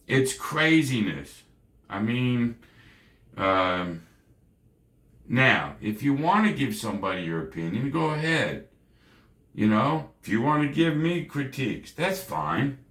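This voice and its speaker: Man, lowish voice, very animated pitch, slangy folksy lecturing, roomy echo. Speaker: gambling channel host. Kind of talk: late-night casual monologue.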